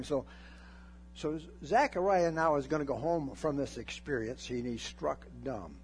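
An older man preaching a folksy, animated sermon, joking and acting out Bible scenes. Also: mid-range voice, measured pace, faint music behind.

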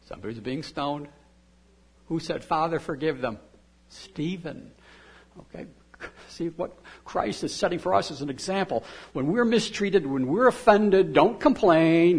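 A man preaching a sermon, moving between quiet, close talk and loud, emphatic repetition. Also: on the high side, slightly rough. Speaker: pastor.

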